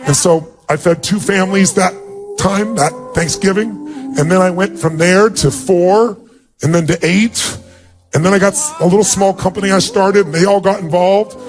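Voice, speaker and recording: Guy telling a heartfelt personal story on stage, kinda high voice, swings up loud then drops way down low. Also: steady tone, normal speed, faint music behind. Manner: heartfelt, dramatic pitch swings, drops low for emotional beats. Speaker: motivational speaker.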